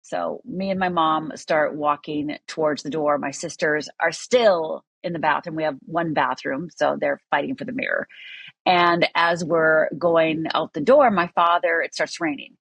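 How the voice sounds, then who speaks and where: A woman's voice: low-pitched, fairly even intonation, unhurried, creaky, fairly bright tone, breathy edge, no room sound. A middle-aged woman from Upper Michigan, telling a personal story as a podcast guest in an earnest, candid way with many fillers.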